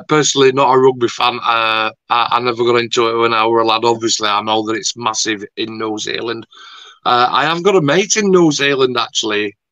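A man's voice: medium pitch, fairly bright tone, dry recording, dull audio. A man interviewing a guest in a rambling, chatty, mildly sweary way. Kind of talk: casual video-call interview.

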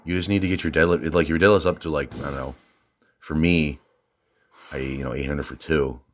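Very deep-voiced rambling Southern man. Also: fairly even intonation, slight background noise. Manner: rambling, halting, lots of fillers and restarts. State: out of breath. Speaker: fitness vlogger. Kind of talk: casual rambling gym vlog.

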